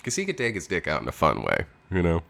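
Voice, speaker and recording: Deep-voiced man, lively casual chatter. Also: quick pace, creaky. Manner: loose, jokey, swears freely. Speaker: podcast co-host. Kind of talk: casual chat.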